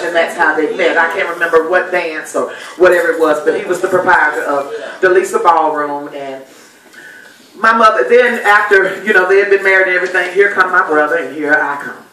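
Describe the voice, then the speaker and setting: A woman's voice: fairly low pitch, brisk, distant mic. Middle-aged woman telling stories in an echoey hall. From Texas. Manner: animated, folksy storyteller. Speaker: guest speaker at a dinner event. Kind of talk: personal storytelling speech. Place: banquet hall.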